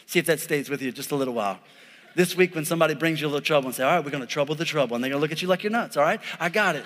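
A man preaching a lively, conversational sermon as a pastor, calling out to his congregation. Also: fairly high pitch, long reverb tail. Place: church sanctuary.

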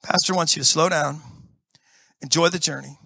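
A middle-aged male pastor preaching to a congregation in a church, animated and exclamatory, acting out everyday scenes as he talks. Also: on the high side, moderate pace, vocal fry, breathy edge, no echo. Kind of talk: sermon.

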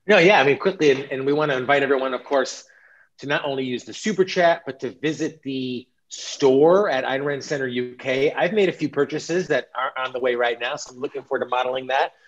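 A man speaking as a panelist in a casual chat, enthusiastic with quick asides. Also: medium pitch. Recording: dull lo-fi audio.

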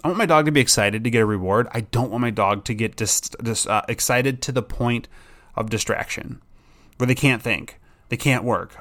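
Man, podcast host, dog trainer, casual rambling talk, mid pitch. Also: normal speed. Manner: rambling, relaxed, acts out excited dog voices.

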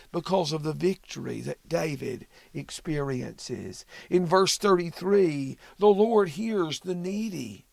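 A man hosting a Bible study podcast, who walks through a psalm verse by verse in a measured, reflective way. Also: sits high, creaky, no echo. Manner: measured, reflective reading of scripture. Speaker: podcast host teaching the Bible.

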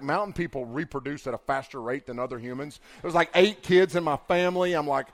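A young man preaching, telling a comic, animated story with big swings in volume. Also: a little high. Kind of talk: storytelling sermon.

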